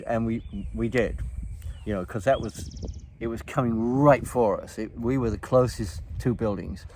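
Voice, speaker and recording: An older man recounts old times in casual, rambling fashion. His voice sits on the low side. He drifts, hesitates and restarts, filling the pauses with ums and uhs. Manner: meandering, halting, many fillers and restarts. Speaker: storyteller recounting his past. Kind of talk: casual reminiscing chat.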